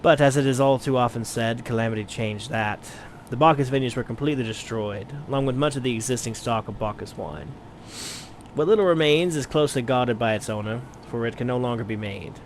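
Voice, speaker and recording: Brief: a man doing a blind old wine merchant, courteous, measured, mid-pitched, faint noise. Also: close to an everyday voice. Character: blind retired mercenary turned wine merchant, genteel. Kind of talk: let's play voice acting.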